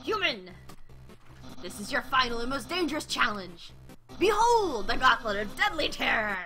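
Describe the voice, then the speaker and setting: A loud, grandly boastful skeleton man, put on by a woman reading game lines bellows his announcements in a high, swooping voice. His delivery is theatrical and drawn-out. Game music plays behind him. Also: sing-song. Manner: booming, dramatic announcing.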